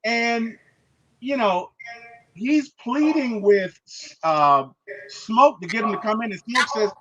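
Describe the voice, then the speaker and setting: A man hosting a movie review, retelling the plot in an animated, emphatic way and checking in with "okay?" and "right?". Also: high voice, slow pace, muffled recording, noisy background.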